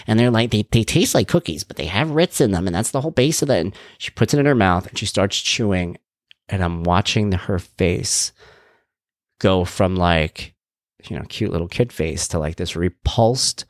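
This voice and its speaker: A middle-aged man hosting a podcast, telling a family story in casual chat and acting out the voices with big jumps in pitch. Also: expressive, fairly quick, no room sound, clean studio sound. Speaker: podcast host.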